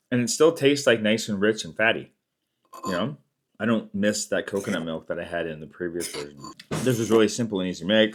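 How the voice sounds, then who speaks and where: A man hosting a casual cooking video, walking through a recipe in his home kitchen in an easygoing, chatty way. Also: low voice. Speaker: cooking channel host.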